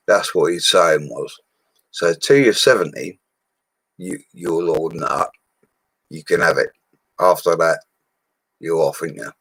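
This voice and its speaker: An Englishman in his forties chats on a live stream in a rambling, slangy way. His voice sits very low. It is recorded close and dry on a mic. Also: measured pace, long pauses, a bit bright, husky, dry recording, rough recording. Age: 40s. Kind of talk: casual live-stream chat.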